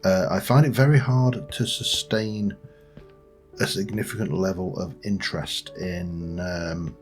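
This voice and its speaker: This unhurried, low-voiced man hosts a gaming channel, offering loose, wandering let's play commentary and addressing the creatures in his game as he plays. Faint music plays behind him.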